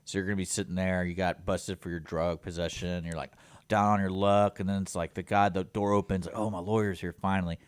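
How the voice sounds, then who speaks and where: A man co-hosting a radio talk show in casual chat, animated and acting out imagined exchanges. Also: sits low, brisk, clear, resonant tone, dry recording. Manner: animated, acts out imagined dialogue.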